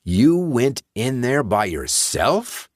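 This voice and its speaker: A man's voice: medium pitch, big pitch swings, slow pace, dry recording, studio quality, voice pushed up. A man voicing a worried middle-aged father whose voice carries anger. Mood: angry.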